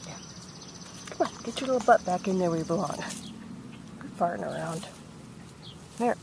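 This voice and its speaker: A woman's voice: lowish voice, expressive, normal speed, creaky, background noise. A woman outdoors among weeds, recorded on a handheld camcorder, playfully coaxing a small animal along as if it were a child. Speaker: person releasing a baby skunk outdoors. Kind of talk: casual talk to an animal. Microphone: handheld pocket camcorder.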